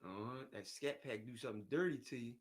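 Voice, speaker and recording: A man's voice: medium pitch, fast. Slangy, loose-talking man chatting casually. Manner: loose slangy talk, repeats words, jumps between topics; often chuckles while talking. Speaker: streamer chatting with viewers. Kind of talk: casual chat.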